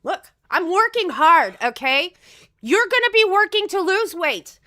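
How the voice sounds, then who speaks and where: Bright, breathless, high-voiced woman host. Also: sing-song. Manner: rapid, playful, giggly. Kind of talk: comedic livestream chat.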